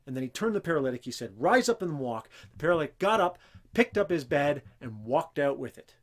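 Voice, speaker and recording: Guy teaching about faith on his show, earnest and punchy, voice sits a little high. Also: big pitch swings, fast talker. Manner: earnest, emphatic, restarts and quotes scripture in a raised voice. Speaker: host of a Christian teaching show. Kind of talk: unscripted religious teaching talk.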